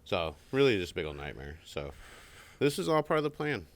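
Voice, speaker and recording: A man's voice: sits low, big pitch swings, brisk. A man co-hosting a casual podcast, telling a long rambling story and acting out the people in it. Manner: rambling storyteller, acts out quoted voices. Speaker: podcast co-host. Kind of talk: casual chat.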